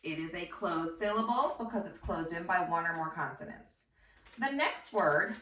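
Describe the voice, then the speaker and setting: A woman's voice: fairly low pitch, animated, normal speed, fairly bright tone, distant mic. A first grade teacher, a woman, giving a patient phonics lesson and sounding out words syllable by syllable. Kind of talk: slow phonics lesson for children. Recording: echoey room, voice off-mic.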